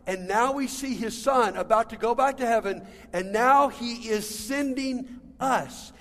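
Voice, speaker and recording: Man, pastor, sermon, high-pitched, long hall echo, direct and conversational. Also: unhurried, a bit bright. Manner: direct, addresses the congregation as friends and guys. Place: church sanctuary. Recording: long reverb of a large hall.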